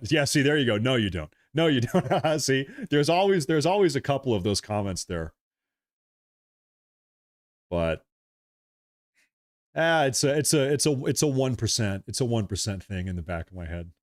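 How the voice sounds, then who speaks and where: This man hosts a livestream, reading super chats in a loose, rambling way, repeating himself and thanking people often. His mid-range voice has lively intonation at a normal speed, broken by long pauses. The recording is dry and studio-clean.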